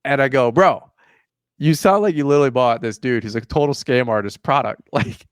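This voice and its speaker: Young guy hosting a podcast, chatty and animated, smooth voice, dry sound. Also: mid-range voice, fairly quick, no echo. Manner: animated storyteller, acts out dialogue, says "like" often. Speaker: podcast host. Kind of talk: casual chat.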